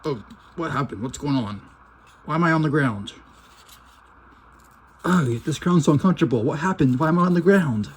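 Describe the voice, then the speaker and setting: A man's voice: on the high side, expressive, normal speed, pauses often, husky. A man voicing a grumpy, worried male cartoon worker who grumbles and complains, in a fan-made cartoon. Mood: groggy.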